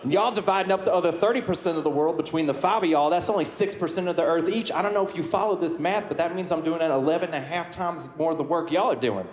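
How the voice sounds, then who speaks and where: A man in character for a stand-up roast plays a flamboyant southern sea superhero, firing off folksy catchphrases in a sassy Southern drawl. His natural voice is fairly high and quick, with hardly any pauses. Audience laughter fills the echoey comedy club.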